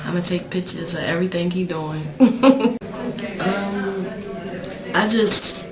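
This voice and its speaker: A woman's voice: fairly low pitch, slow pace, background noise. A young woman speaking as an incarcerated mother in a documentary interview, talking casually and hesitantly with many fillers. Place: prison visiting area. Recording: echoey room with crowd behind.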